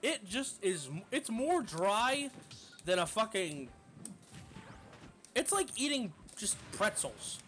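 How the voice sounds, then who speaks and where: High, lively man telling a story. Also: takes it slowly, long pauses, faint music behind. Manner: profane, animated, with lots of fillers. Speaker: streamer. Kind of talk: casual storytelling.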